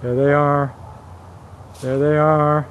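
A man's voice: fairly high pitch, level tone, takes it slowly, slight background noise. A man from Virginia filming dogs in a yard with a handheld camera, giving a folksy, joking play-by-play full of exclamations. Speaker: vlogger filming his dog. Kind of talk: casual handheld commentary. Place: outdoors in a yard. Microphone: handheld consumer camera. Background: dogs playing.

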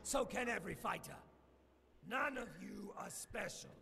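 An actor voicing a stern, gravelly male arena master who proclaims ceremonial commands in a game. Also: high-pitched, lively intonation, moderate pace, pushed and bright, full character voice. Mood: proclaiming. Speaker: arena announcer. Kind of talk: game voice acting.

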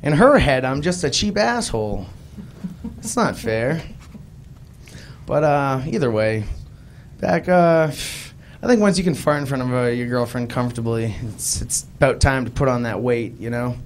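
A man's voice: medium pitch, moderate pace, slight background noise. A young man with a Boston accent doing a live stand-up comedy set, telling self-deprecating stories and acting out the voices in them. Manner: self-deprecating, animated storytelling with voiced quotes. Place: live club stage.

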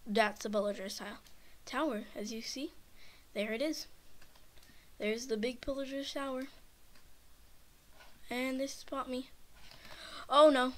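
A shaken, nervous woman gives rambling, frightened commentary on her own gameplay and keeps repeating herself. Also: high-pitched. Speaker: gamer, channel host.

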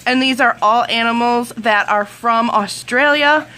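Her voice is fairly high, bright and forceful, and her pace is a little slow. She's a Wisconsin woman, from the United States and in her thirties, giggling and gushing as she shows off her mail in a casual show-and-tell vlog.

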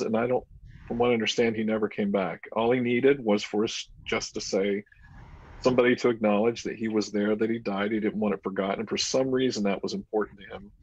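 A paranormal investigator on a video call chats casually and tells a story with energy, acting out the dialogue. His voice is lowish and breathy-edged, and he speaks fairly quickly. The audio is muffled and lo-fi.

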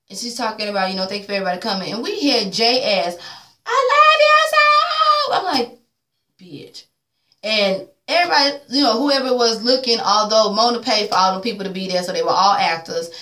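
A woman's voice: mid-range voice, fairly bright tone, roomy sound. A woman recapping a reality show episode in a blunt, sassy rant full of swearing, acting out the cast's lines. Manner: blunt, sassy, swears a lot, acts out quotes. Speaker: recap vlogger.

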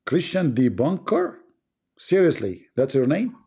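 Gravelly husky man, mocking tone. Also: a little high, big pitch swings, a little slow, warm tone. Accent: Arabic. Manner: sarcastic, taunting, laughs at callers. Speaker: host of a live debate stream. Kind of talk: mocking live-stream banter.

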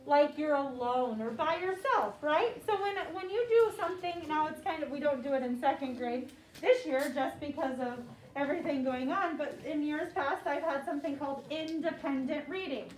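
High-pitched lady teacher, slow clear call-and-response, echoey room, mic far off. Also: animated, a little hiss or hum. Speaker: second grade teacher. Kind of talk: classroom vocabulary lesson. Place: classroom.

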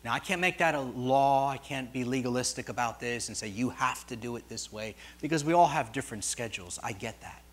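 A middle-aged man preaching a sermon as pastor, telling stories in a rambling way and swinging from soft asides to loud, rising peaks. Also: mid-range voice, a little fast, hardly any pauses. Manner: storytelling, digressive, swings from quiet to loud; jokes with congregation.

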